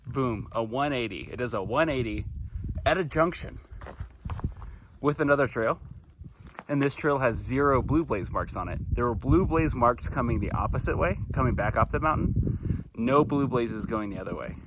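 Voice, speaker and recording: This hiker's mid-range voice is animated and moderately paced, with background noise behind it. He's vlogging outdoors on a mountain trail during a long-distance hike, talking chattily and self-deprecatingly into a handheld camera or phone while walking.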